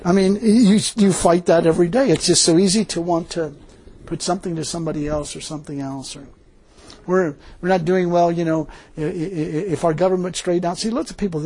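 An older man giving an informal, folksy sermon, laughing often and growing animated as he preaches. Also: on the high side, slight background noise.

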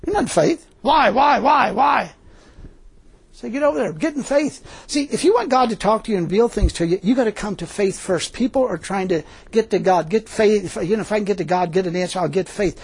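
High husky older man preaching. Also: quick pace, hardly any pauses. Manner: folksy, laughs often, animated preaching. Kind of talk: informal sermon.

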